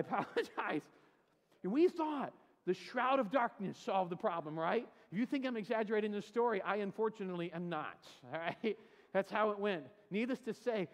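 In a church sanctuary that gives his high voice a big-room sound, a Californian pastor delivers a sermon. He plays out the voices in a humorous, self-mocking story, then moves on to scripture.

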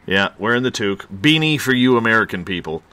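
A man's voice: fairly low pitch, lively intonation, quick pace, bright, forceful tone, clear, resonant tone. A man from Canada hosting a late-night radio show, chatting and telling a story in a joking, easygoing way.

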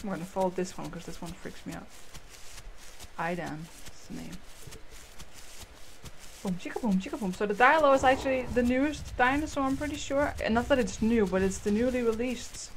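A woman's voice: on the high side, expressive, brisk, slight background noise. Playful woman narrating her gameplay. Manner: chatty, playful, goofy asides. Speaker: gamer. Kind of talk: let's play commentary. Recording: game sounds loud behind voice. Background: game audio, dinosaur calls.

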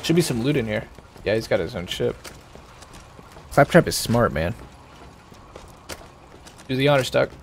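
Male game streamer, mid-pitched and casual, coaches a buddy mid-fight, light background noise. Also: animated, measured pace, long pauses. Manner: chatty, coaching a teammate through fights. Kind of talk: casual gameplay commentary.

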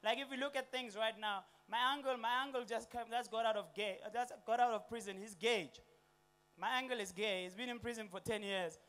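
South African stand-up, young man, very high pitch, animated delivery with slang and put-on voices. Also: brisk. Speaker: stand-up comedian. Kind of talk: stand-up comedy set. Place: comedy stage before a live audience.

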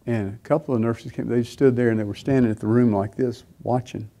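A man's voice: mid-range voice, steady tone, fairly quick, warm tone. A middle-aged man preaching, telling a personal story in a rambling way with many fillers and restarts. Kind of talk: sermon testimony.

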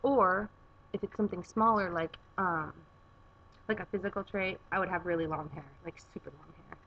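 A woman's voice: fairly low pitch, normal speed, dull audio, slight background noise. A young woman chatting casually on her vlog from her garage, rambling with plenty of filler words. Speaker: vlogger. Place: home garage.

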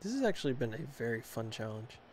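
A young man giving casual, chatty commentary while playing a football video game, talking to himself with quick exclamations. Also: medium pitch, very animated, slight background noise. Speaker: gaming channel host.

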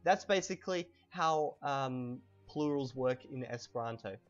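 A young man giving a casual language lesson while playing a video game, relaxed and chatty, slowly stressing words so they can be heard. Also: mid-range voice, lo-fi sound, faint music behind. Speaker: language teacher.

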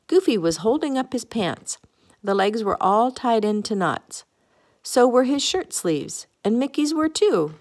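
A woman's voice: on the low side, expressive, a little slow. Woman reading a children's storybook aloud. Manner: homey read-aloud with small slips and self-corrections. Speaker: storybook reader.

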